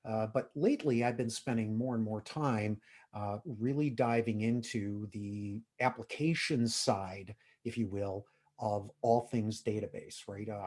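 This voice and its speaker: Husky man giving a conference talk. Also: on the low side, a little mellow. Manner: conversational, frequent "uh" and "if you will". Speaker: conference presenter. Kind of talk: technical user-group talk.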